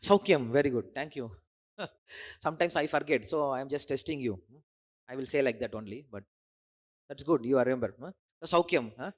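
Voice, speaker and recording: A man's voice: mid-range voice, animated, a little fast. A man preaching a sermon, often repeating phrases and checking in with his listeners. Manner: questioning the audience with tag words like "huh?".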